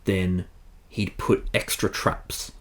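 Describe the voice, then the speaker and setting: Young male podcaster, lower voice, dry jokey asides. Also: level tone, slow pace, a bit bright. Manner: wry, joking asides. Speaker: podcast co-host. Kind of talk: casual chat.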